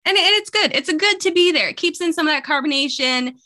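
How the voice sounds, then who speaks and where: A bubbly woman co-host chatting casually on a podcast, with a fairly high, bright voice. She talks through a remote call mic with chatty, quick asides. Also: lively intonation.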